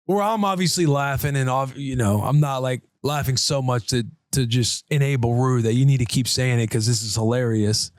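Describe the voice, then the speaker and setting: A man hosting a podcast, telling a rambling, animated story in casual chat. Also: medium pitch, normal speed, hardly any pauses, no echo, studio quality. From United States. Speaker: podcast host.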